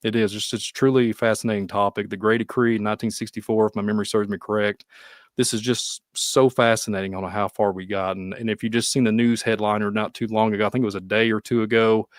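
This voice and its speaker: Kentucky man, low voice, rambling. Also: fast talker, no room sound, studio quality. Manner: animated, rambling, laughs often. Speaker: podcast host. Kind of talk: casual conversation.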